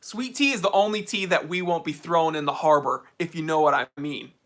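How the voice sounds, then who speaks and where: A man's voice: fairly high pitch, brisk, fairly bright tone. A man with an American accent hosting a casual livestream Q&A, chatty and opinionated, with many fillers. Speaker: watch channel host.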